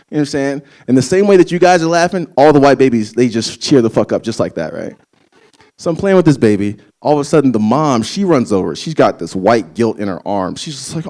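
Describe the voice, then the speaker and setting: A man's voice: medium pitch, animated, fast talker, darkish tone. A young adult man performing stand-up comedy, telling loose, profane, conversational stories to a live audience.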